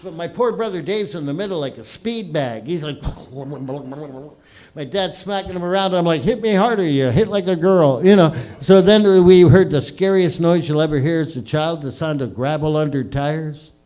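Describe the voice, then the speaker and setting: A man's voice: fairly high pitch, moderate pace, darkish tone. A middle-aged man hosting an open mic, telling crude, profanity-laden stories in a rambling stand-up style on a small comedy stage.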